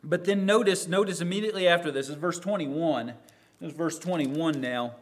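Man preaching, high voice, sermon, dramatic swings from loud to hushed. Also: brisk. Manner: acts out a disciple's words in quoted asides; rises in loudness and falls to near silence.

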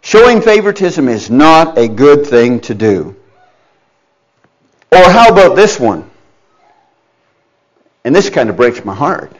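A man's voice: fairly high pitch, very animated, measured pace, pauses often, dull audio. A man preaching a sermon in a conversational, emphatic way, addressing his listeners directly and acting out quoted parents. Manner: conversational, with restarts and asides to listeners.

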